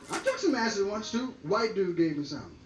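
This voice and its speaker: A man's voice: sits high, very animated, normal speed. An older man doing bawdy stand-up, rambling and boastful, breaking into cackling laughs. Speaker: comedian. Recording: roomy, distant, noisy old vinyl recording.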